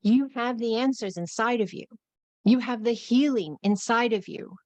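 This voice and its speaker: A woman's voice: a little high, normal speed, no room sound. A woman with a New York accent giving a live-streamed spiritual talk in flowing, repetitive phrases. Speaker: spiritual teacher.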